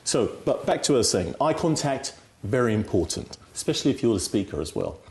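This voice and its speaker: A man's voice: mid-range voice, big pitch swings, quick pace, darkish tone. Emphatic man teaching communication skills. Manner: instructive, emphatic, frequent "right?" tag questions. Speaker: communication skills guest expert. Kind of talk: explaining on a TV talk show.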